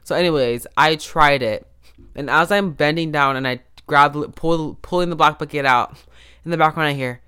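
A man's voice: a little high, a little fast, bright, forceful tone, smooth. A man hosting a podcast, telling a story in a rambling, casual way, often cutting himself off with restarts and asides. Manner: self-interrupting, restarts and asides. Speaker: podcast host. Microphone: podcast microphone.

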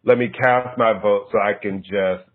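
A man's voice: lowish voice, steady tone, moderate pace. A man co-hosting a podcast in casual chat, blunt and fed up, swearing casually. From United States. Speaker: podcast co-host. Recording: tinny phone-like line.

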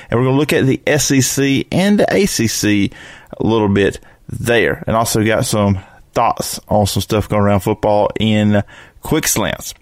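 A man's voice: medium pitch, no room sound, clean studio sound. A man with an Alabama accent hosting a sports podcast, upbeat and casual with frequent fillers. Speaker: podcast host.

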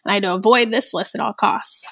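A woman's voice: medium pitch, steady tone, fast talker, creaky, a bit bright, no room sound. A woman in her thirties, a therapist speaking earnestly and reflectively in a podcast conversation, often tagging "right?" and "like". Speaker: therapist guest.

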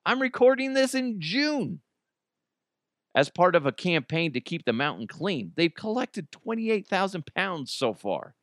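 Lively, bright-voiced male podcast host. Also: high voice, measured pace, dry recording, studio quality. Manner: animated, joking, reads news items aloud and riffs on them. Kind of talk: casual solo podcast.

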